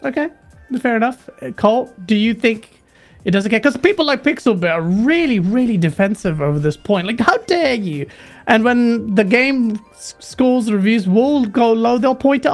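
Host reading super chats. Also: male voice, very high voice, expressive, normal speed, soft background music. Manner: reads out super chats, asks guests questions. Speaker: stream host. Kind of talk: casual live-stream chat.

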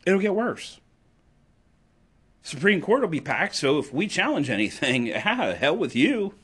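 A man delivering an impassioned political monologue, emphatic and sarcastic, swinging between loud declarations and low asides. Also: very animated, a little slow, slightly rough. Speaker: political commentator.

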